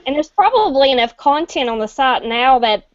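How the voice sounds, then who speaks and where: Female host, fairly high voice, friendly questions, dry and muffled live stream sound. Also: big pitch swings, moderate pace, no echo. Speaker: talk show host. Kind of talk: interview hosting.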